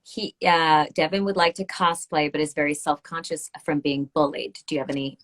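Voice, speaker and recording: A woman hosting a podcast interview, asking questions with enthusiasm and quick laughs. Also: low voice. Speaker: podcast host. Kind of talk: casual interview chat.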